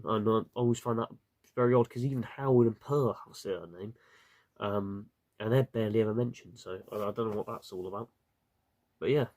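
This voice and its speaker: Guy rambling through a casual review, lots of ums and restarts. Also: medium pitch. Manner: rambling, many fillers and restarts. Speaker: video reviewer.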